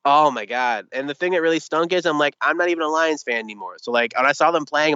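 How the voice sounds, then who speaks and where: A young man telling a sports story in casual chat, animated, exasperated and comic. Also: a little high, quick pace, clean tone, no room sound, lo-fi sound. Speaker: podcast guest, sports commentator.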